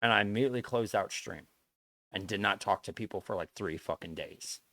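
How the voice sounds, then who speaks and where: A man's voice: lowish voice, fairly quick, bright, forceful tone, no echo. Earnest, lecturing male streamer. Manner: earnest, lecturing and repetitive, with frequent swearing. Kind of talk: casual live-stream talk to chat.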